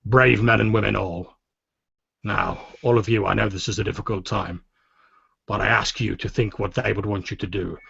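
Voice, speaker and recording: A man's voice: lowish voice, steady tone, moderate pace, creaky, a bit bright, slightly rough, exaggerated voice. A man doing a solemn, rousing rebel commander. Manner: formal, rousing speechmaking. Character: solemn male rebel commander giving a eulogy. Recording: dull, dry lo-fi audio.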